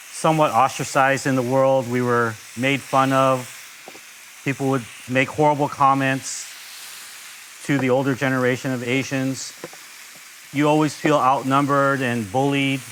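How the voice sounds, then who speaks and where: A slightly bright, medium-pitched voice belongs to an American man from Los Angeles who teaches a relaxed cooking class in a kitchen with a grill. He's enthusiastic and talkative, full of asides, and a little background noise can be heard.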